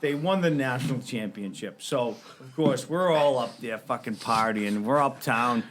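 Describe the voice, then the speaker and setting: A man telling a wild story in casual podcast chat, profane and animated, shouting out the quoted lines. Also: mid-range voice, normal speed, slight background noise.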